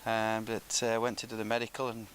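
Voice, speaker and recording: Middle-aged ex-footballer telling stories. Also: male voice, on the low side, fairly quick, a little hiss or hum. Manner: lively storyteller who acts out quoted speech. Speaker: former professional footballer, guest. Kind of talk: relaxed anecdotal interview.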